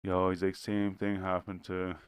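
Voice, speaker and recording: A man's voice: normal speed, clean tone, no room sound. Profane, rambling man telling a story. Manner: animated, jumps in pitch when quoting people. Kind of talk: casual podcast chat.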